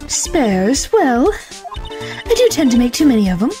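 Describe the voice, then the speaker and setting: A woman putting on a hearty old nun voice, cackling and jolly, high-pitched and rattling along quickly in a courtroom game, with faint game music underneath. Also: sing-song, mellow. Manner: booming laugh, brisk and hearty.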